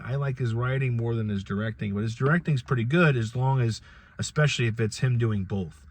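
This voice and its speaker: A man's voice: mid-range voice, moderate pace. A middle-aged man hosting a solo podcast, talking in a rambling, conversational way with frequent restarts. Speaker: podcast host. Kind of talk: casual solo commentary.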